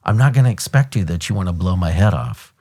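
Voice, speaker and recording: Deep-voiced American man telling a police story. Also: fast talker. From United States. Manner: animated, blunt, swears casually, acts out sounds. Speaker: podcast host, retired police officer. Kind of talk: conversational storytelling.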